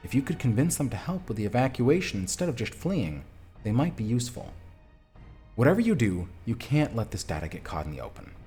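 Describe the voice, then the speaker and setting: Lively male streamer reading a game. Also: medium pitch, brisk, faint music behind. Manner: lively, chatty, self-mocking. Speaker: streamer playing a text adventure. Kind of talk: reading a game aloud with casual asides.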